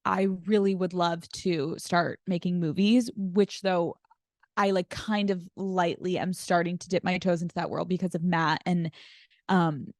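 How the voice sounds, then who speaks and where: Animated woman telling stories, dry close mic. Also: lowish voice, measured pace, no echo. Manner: animated storyteller acting out quotes. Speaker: podcast guest. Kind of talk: casual chat.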